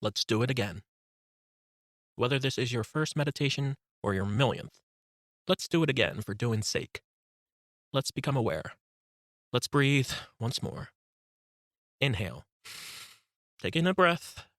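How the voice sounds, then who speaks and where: A man reading his own guided meditation book in a calm, instructive, unhurried voice. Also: medium pitch, no echo, studio quality. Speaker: author narrating his book. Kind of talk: guided meditation audiobook narration.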